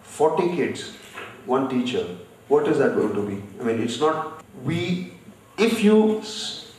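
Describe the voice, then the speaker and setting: On a festival stage in a large hall, a man from India, an author and panel guest, tells stories bluntly. His mid-range voice is expressive and darkish, his pace measured, and the distant mic picks up plenty of hall echo.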